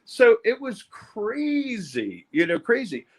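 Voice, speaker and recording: An older man, telling his life story haltingly in an interview, often repeating words. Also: high voice, wildly swooping pitch. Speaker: interview guest, music producer. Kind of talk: candid personal storytelling.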